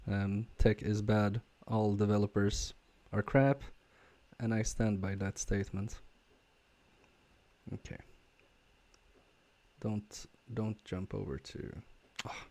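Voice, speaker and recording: A man casually chatting with viewers on a live stream while repairing a game controller, talking haltingly with fillers and restarts. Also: fairly low pitch, little pitch movement, mellow. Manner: halting, many fillers and restarts, chuckling asides. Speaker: repair livestreamer.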